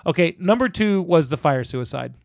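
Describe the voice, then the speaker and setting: A man co-hosting a casual film discussion, animated and laughing often as he acts out scenes. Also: a little high, normal speed, creaky, no room sound, studio quality. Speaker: podcast co-host.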